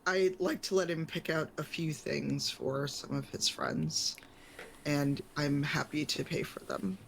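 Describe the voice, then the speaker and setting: A woman voicing a soft-hearted male traveler in a tabletop game, speaking politely and haltingly. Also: low voice, steady tone, gravelly, a little hiss or hum, pitched below the performer's own voice, poor audio. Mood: kind.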